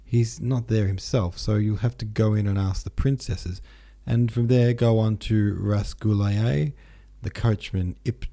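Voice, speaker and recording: A man's voice: lowish voice, fairly even intonation, a little slow, creaky, hardly any pauses, warm tone. A man reading an audiobook, voicing a fussy, flustered old count who gives orders with many exclamations.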